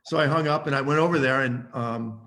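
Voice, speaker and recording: Man in his sixties telling animated stories. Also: mid-range voice, brisk. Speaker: guest saxophonist. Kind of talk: storytelling in an interview.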